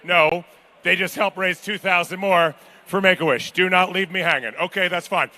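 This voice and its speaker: A man's voice: sits high, steady tone, normal speed, sharp tone. A man calling bids at a live charity auction, joking with the crowd. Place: large banquet hall at a gala.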